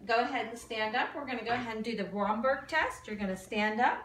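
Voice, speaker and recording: A woman's voice: a little high, fast, fairly bright tone, slight background noise. A woman giving a clinical exam and talking a patient through each step, sometimes tripping over medical terms. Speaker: nursing student performing an exam. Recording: echoey room, mic far off.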